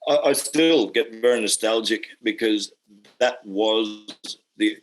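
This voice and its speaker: A male host with an Australian accent asks loose, rambling questions, stumbling over fillers and restarts. His voice sits low, and he keeps it chatty. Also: slow, rough recording. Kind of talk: casual interview.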